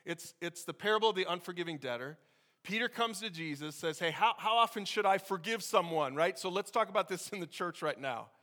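A man preaching a sermon to his congregation, conversational and energetic, with sudden loud bursts. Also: high voice, brisk. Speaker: pastor.

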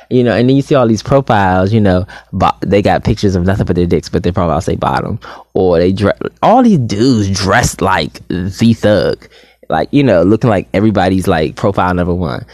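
A man talking frankly to his viewers in a sassy, animated monologue. He drops terms like honey and sugar and swings between loud outbursts and soft asides. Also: on the low side, no room sound, clean studio sound. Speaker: vlogger.

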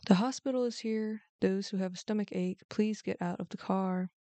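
A woman's voice: mid-range voice, fairly even intonation, normal speed, dark tone, no echo, natural voice. A woman voicing a friendly, helpful big wooden barrel that gives rides, in a storybook reading. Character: kind big wooden barrel car, gentle, later angry.

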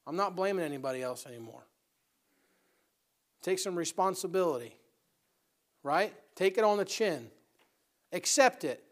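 High-pitched guy preaching, goes soft then really loud and fired up. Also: sing-song, normal speed, pauses often. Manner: builds from quiet to loud exhortation. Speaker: pastor. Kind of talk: sermon.

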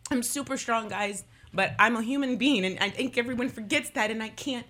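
A woman attorney in her thirties talks brisk and emphatic in an emotional radio studio interview, her pitch fairly high and her tone pushed and bright. She repeats phrases to drive her impassioned points home.

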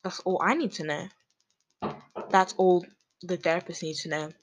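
Podcast host, woman, lower register, loose slangy self-mocking rambling. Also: fairly even intonation, normal speed, a little hiss or hum, rough recording. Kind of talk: casual rambling monologue.

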